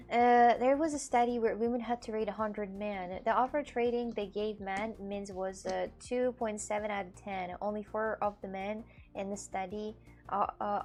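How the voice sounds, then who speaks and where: A woman's voice: mid-range voice, darkish tone. A young woman live-streaming from her home setup, chatting casually with her audience, laughing often and swearing freely. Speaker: live streamer reading chat.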